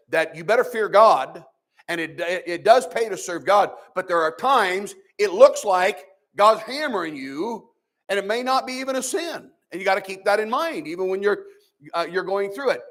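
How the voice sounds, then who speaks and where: A man preaches to his Sunday school class in a fairly high voice. He speaks plainly and conversationally, then surges into loud, emphatic rises before dropping back low and quiet. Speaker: pastor.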